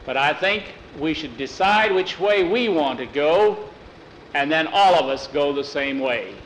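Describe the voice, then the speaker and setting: A man storyteller voicing a calm, persuasive wagon-train leader who reasons with a crowd. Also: on the high side, a little slow, slight background noise, low-quality recording.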